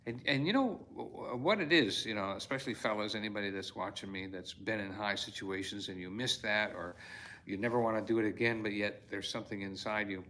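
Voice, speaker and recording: A man's voice: on the low side, fairly quick, bright, forceful tone. A male storyteller in a reflective fireside talk, reading his own devotional in an earnest, heartfelt way with sudden exclamations.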